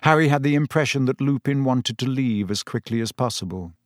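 A man reading a storybook aloud as narrator, expressive and steady. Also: mid-range voice, a little fast, dry recording, clean studio sound. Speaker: audiobook narrator. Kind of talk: scripted narration.

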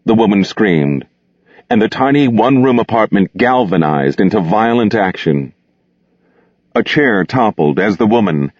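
A man reads a novel aloud in a low voice that swings widely in pitch, measured and expressive. He sits close to the microphone in a dry space, and the sound is slightly dull and lo-fi. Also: no echo. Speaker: audiobook narrator. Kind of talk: scripted audiobook narration.

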